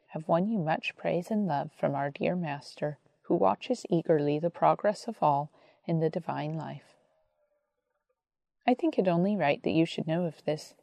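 A woman voicing a kind older brother in heaven, speaking earnestly and gently. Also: low-pitched, gravelly, dry recording.

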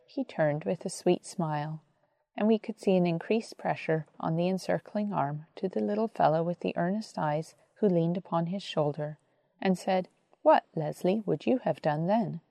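Gravelly woman reading a story aloud. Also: lowish voice, moderate pace, dry recording. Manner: calm, reverent reading. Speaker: narrator. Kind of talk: audiobook narration.

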